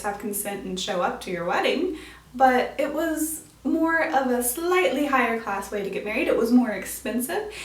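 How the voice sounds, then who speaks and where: Hosting a literature explainer show, a woman with a bright, fairly high voice talks about classic literature with bubbly enthusiasm and casual slang in upbeat vlog style. She's a little far from the mic, and the room adds a noticeable echo.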